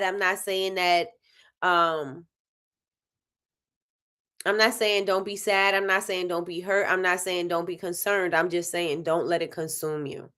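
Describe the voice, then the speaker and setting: Animated, bright-voiced woman host. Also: mid-range voice. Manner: animated, laughs often, talks straight to viewers. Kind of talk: casual livestream chat.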